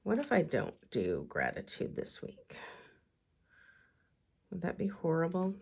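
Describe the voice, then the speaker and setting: A woman's voice: on the low side, wildly swooping pitch, measured pace, gravelly, a little mellow, slightly rough. A woman vlogger and teacher chatting casually to herself as she decorates her weekly planner.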